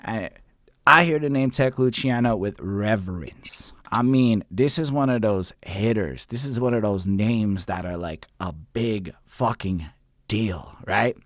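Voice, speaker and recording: A man, hosting a livestreamed interview in an excited, rambling way with plenty of swearing. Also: fairly low pitch, measured pace, no echo, clean studio sound. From Montreal, Canada. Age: 30s. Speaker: host.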